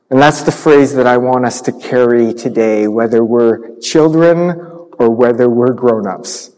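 A pastor telling a Bible story to children in church, animated, acting out sound effects. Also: male voice, medium pitch, a little slow. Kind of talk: children's sermon. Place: church sanctuary. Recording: long church reverb.

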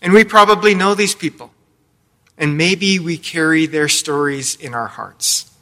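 A man's voice: fairly high pitch, a little slow, pushed and bright. A man preaching a sermon in church, telling the story with playful asides. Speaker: pastor. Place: church sanctuary.

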